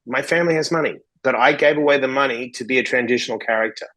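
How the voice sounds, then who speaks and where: A man from Australia, guesting on a podcast, tells stories bluntly in a casual interview, swearing freely while acting out conversations. His voice has a medium pitch and a sharp tone, he talks at a quick pace, and the recording quality is low.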